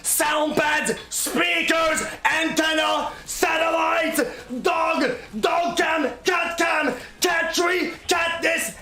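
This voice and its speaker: A male streamer in a played clip, shouting a rapid list in a hyped way. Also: very high-pitched, steady tone, vocal fry. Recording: echoey clip with music behind.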